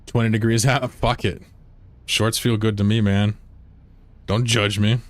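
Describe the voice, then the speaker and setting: Low-voiced man rambling on a game stream. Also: little pitch movement, measured pace, no echo. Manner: rambling, swears freely, talks to chat. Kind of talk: casual live-stream chat while gaming. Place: room at home with a window.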